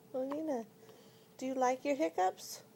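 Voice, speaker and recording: Young mom, high fry-edged voice, slow playful home-video baby talk. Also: female voice, dark tone, slight background noise. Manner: playful, cooing, laughing often. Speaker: parent filming her baby.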